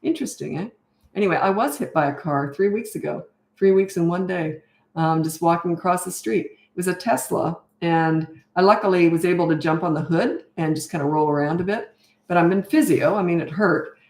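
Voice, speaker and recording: A middle-aged woman with a lowish voice talks through viewer questions as a parenting coach. She sounds tired and rambles from point to point in an easy, chatty way. The room around her rings with a noticeable echo. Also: brisk, a little mellow. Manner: chatty, wandering off on tangents. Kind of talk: live Q&A chat. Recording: roomy echo.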